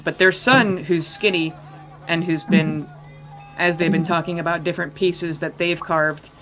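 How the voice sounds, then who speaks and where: A man's voice: fairly high pitch, steady tone, a little slow, bright, forceful tone, soft background music. Rambling man running a tabletop game. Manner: loose, rambling, joking. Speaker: game master.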